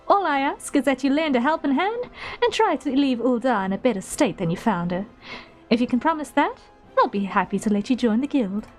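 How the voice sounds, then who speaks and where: A woman reads game dialogue aloud in character as a shrewd middle-aged female guild innkeeper, using a slight put-on southern drawl. Her voice is high-pitched and pushed up.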